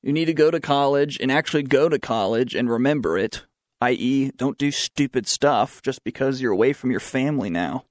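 A young man with a Southern American twang hosts a student radio talk show and fires off sarcastic opinions between news items he reads aloud. His voice sits at an ordinary middle pitch. The sound is close and dry, with no room echo. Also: animated, fairly quick. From southern United States. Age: young adult.

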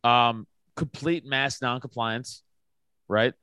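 Blunt, profane American podcast guest. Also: male voice, mid-range voice, takes it slowly, bright, forceful tone, clear, resonant tone, no echo. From United States. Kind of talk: casual podcast chat.

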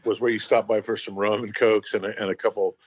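A man's voice: on the low side, little pitch movement, fast, slight background noise. A man telling a story in casual chat, rambling and swearing freely with lots of fillers.

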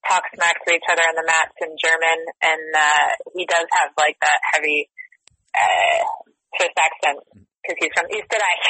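A woman talks casually in an interview, lively and quick with asides and frequent laughter. Her voice is bright and forward. The sound is close and dry. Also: low voice, slightly rough, no echo, rough recording. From United States. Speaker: actress, interview guest.

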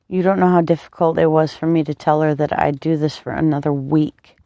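A tough, restless young woman who once served as a soldier murmurs her lines quietly and bluntly, as a woman reads her. Her tone is mellow with a gravelly edge. The sound is dry, with no room. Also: low-pitched, fairly even intonation, brisk, no echo.

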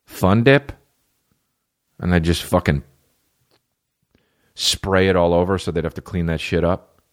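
Very deep-voiced profane male podcaster. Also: unhurried. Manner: profane, rambling, riffing on listener questions. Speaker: podcast host. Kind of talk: casual comedic monologue.

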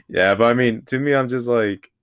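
A man's voice: mid-range voice, moderate pace, fairly bright tone, smooth, no echo, studio quality. A young man co-hosting a podcast, laid-back and agreeable, asking questions in casual chat. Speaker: podcast co-host.

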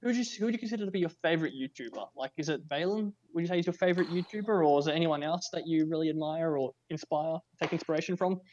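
A man's voice: a little high, very fast, hardly any pauses, darkish tone. A young Australian man co-hosting a podcast, chatting casually, joking and rambling along. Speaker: podcast co-host. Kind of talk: casual chat. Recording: dull lo-fi sound.

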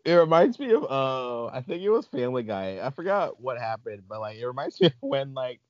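A man hosting a casual podcast chat, animated and laughing often. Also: mid-range voice, brisk, no echo. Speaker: podcast host. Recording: dull lo-fi recording.

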